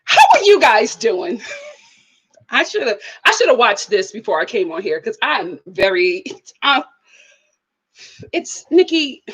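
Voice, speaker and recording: A woman hosting her own live-stream reaction show, talking in a blunt, animated, exclaiming way and reading out viewer comments. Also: fairly high pitch, unhurried, pauses often, slightly rough, poor audio. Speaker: YouTube host.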